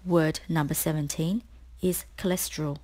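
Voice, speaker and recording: A woman tutor reading a scripted spelling lesson, explaining each word slowly and clearly. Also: low voice, fairly even intonation, a little mellow. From Australia. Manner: slow, clear, deliberate explanations.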